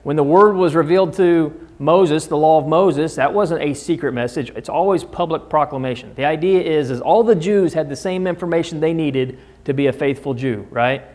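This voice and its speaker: A man's voice: on the high side, moderate pace, few pauses, a little mellow. A man leading a Bible study in a church classroom, explaining passages and putting questions to the class. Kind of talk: conversational Bible study lesson. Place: church classroom in the American Midwest.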